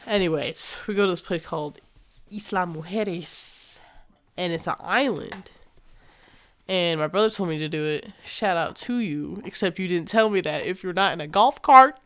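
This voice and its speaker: A young woman telling a casual storytime vlog, animated and slangy, swearing freely and acting out what people said. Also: on the low side, moderate pace.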